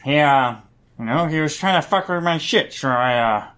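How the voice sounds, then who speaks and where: A man playing a laid-back, swaggering movie star in a tabletop game, in a low mumbling drawl. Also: lively intonation, moderate pace, a bit bright, clear, resonant tone. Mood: lazy drawl. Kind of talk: tabletop role-play in character.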